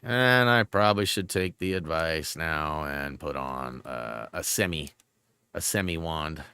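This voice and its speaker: A man hosting a gaming live stream, chatting casually and telling rambling, animated stories while he plays. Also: very deep voice, a little slow, clear, resonant tone, no echo. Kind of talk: live-stream gameplay chat.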